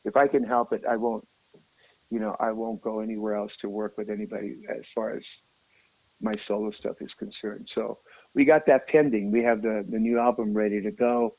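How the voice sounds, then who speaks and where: Gravelly man telling stories animatedly. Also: lowish voice, normal speed, no room sound, rough recording. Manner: animated, emotional, says "man" often. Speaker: rock musician guest. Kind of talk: casual storytelling interview.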